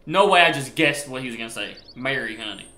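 A man's voice: mid-range voice, animated, fast talker, sharp tone. A young man streaming a game, chatting casually with slang and jokes at a desk mic. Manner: chatty, joking slang asides. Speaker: gaming streamer. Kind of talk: casual live-stream commentary. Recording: echoey room.

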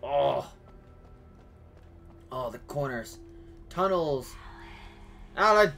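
A young man giving casual, excitable gameplay commentary, talking to himself and yelping and shouting at enemies. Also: a little high, unhurried, faint music behind. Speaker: gaming YouTuber.

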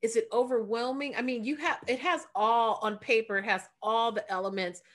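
A woman's voice: fairly high pitch, normal speed, fairly bright tone. A woman from the United States, hosting an interview in a casual, chatty way and praising her guest. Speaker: interview host. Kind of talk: interview conversation.

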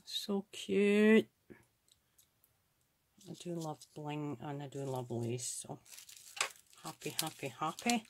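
In a low-pitched, darkish voice that runs a little slow, a woman from Scotland hosts a crafts channel. She unboxes craft supplies in a casual chat, admiring and gushing over them as she thinks aloud.

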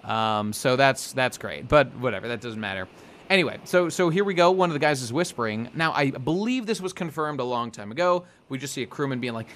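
A man chatting casually as a podcast co-host, rambling along and swearing freely. His voice sits at a middle pitch, with a faint hiss of background noise. He sometimes slips into quick put-on voices for the characters. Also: animated, a bit bright. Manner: rambling, profane, acts out characters' lines. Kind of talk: casual chat.

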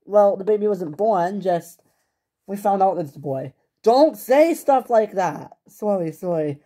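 A woman's voice: medium pitch, lively intonation, unhurried, mellow. A woman voicing a matter-of-fact hospital doctor who explains things in a businesslike, slightly hesitant way in a toy-figure home drama. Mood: explaining.

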